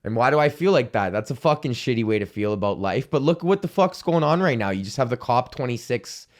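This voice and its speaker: A man's voice: mid-range voice, expressive, fairly quick. A young man hosting a solo comedy podcast, ranting in a profane, rambling, self-deprecating way. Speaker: podcast host.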